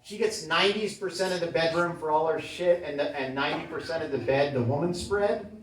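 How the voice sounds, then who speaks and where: A man doing a stand-up comedy set in a small club, with a deadpan, self-deprecating delivery. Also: a little high, fairly quick. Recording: roomy club sound from a far mic, crowd laughing. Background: audience laughter.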